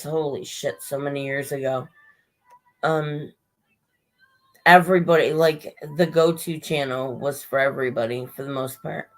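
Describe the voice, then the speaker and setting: A woman's voice: sits low, rough recording. A woman talks loosely to her livestream viewers, drifting from one thought to the next and cursing now and then. Her voice is strained, and she runs short of breath as she goes. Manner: rambling, chatty, swears casually, greets viewers by name. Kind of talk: casual livestream chat.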